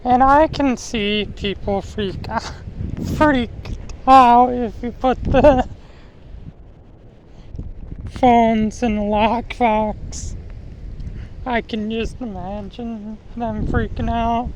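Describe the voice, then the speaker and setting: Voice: medium pitch, fairly even intonation, extremely slow, long pauses, a little mellow, a little hiss or hum, low-quality recording. A vlogger talking in a casual, rambling way, often repeating and restarting words, recorded outdoors near water. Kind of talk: casual opinion vlog.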